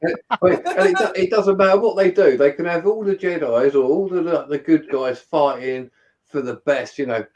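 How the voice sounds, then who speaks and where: A man's voice: fairly high pitch, moderate pace, a little mellow, lo-fi sound. A man in a casual chat, laid-back and rambling, swearing casually.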